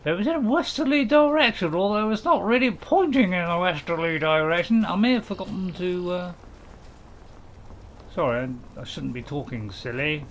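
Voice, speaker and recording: A man's voice: sits high, lively intonation, moderate pace. A middle-aged man chatting casually with his live-stream viewers while he plays, rambling and joking with plenty of restarts. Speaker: gaming streamer.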